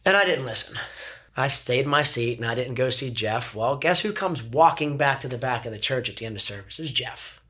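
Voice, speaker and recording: Middle-aged male guest, earnest and animated, casual storytelling, mid-range voice. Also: mid-range voice, brisk. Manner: earnest, animated, repeats words when starting sentences. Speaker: podcast guest.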